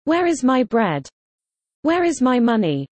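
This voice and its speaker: A woman reading example sentences for a slang lesson with a lively, bouncy delivery. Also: high-pitched, measured pace, dry recording. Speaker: teacher.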